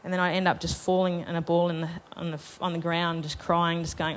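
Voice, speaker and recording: Woman telling a story on stage, slightly low voice. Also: flat delivery, brisk, hardly any pauses. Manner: chatty, self-deprecating, laughs while telling. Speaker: festival panel speaker. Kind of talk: storytelling to a live audience. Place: live festival stage.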